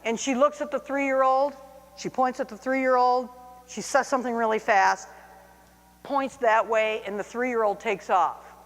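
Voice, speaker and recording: A woman's voice: fairly high pitch, unhurried. Woman telling a funny story in an echoey hall. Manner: lively, self-mocking, acts out her own reactions. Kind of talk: personal anecdote told to camera. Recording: long hall reverb.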